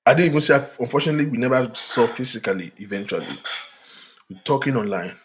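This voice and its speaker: A man's voice: medium pitch, animated, fast talker. A middle-aged man, hosting a frank relationship talk with an emphatic, preachy manner and bits of Yoruba. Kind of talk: frank relationship advice monologue.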